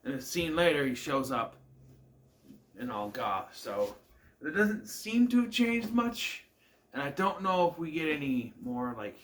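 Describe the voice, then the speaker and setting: A man's voice: mid-range voice, very animated, measured pace, pauses often, a bit bright, a little hiss or hum. A man giving a casual, rambling recap of a TV episode, with many fillers and restarts. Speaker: show reviewer.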